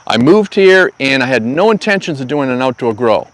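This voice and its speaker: A man's voice: medium pitch, animated, moderate pace, fairly bright tone, low-quality recording. A middle-aged man hosting a live stream from an outdoor garden studio, telling stories in a casual, folksy, slangy way. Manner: chatty storyteller, folksy, slangy asides. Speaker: cannabis grow channel host.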